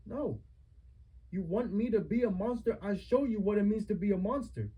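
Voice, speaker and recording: Young guy with a husky, high-ish voice, fired up and firing question after question at his mom. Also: fairly quick, mellow, poor audio. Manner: accusing, repetitive rhetorical questions. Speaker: son confronting his mother. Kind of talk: heated family argument.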